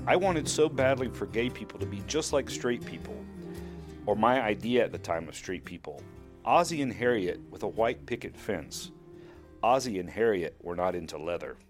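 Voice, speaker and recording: Low-voiced man telling a wry personal story. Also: animated, moderate pace, soft background music. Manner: wry, mocking asides.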